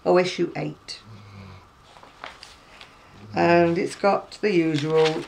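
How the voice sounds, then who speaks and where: British woman crochet vlogger, gravelly mid-pitched voice, rambling and wry, faint hum behind. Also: steady tone, extremely slow, a little mellow, poor audio. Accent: British English. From Britain. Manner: chatty, rambling, wry asides. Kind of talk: casual chat showing magazines. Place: at home.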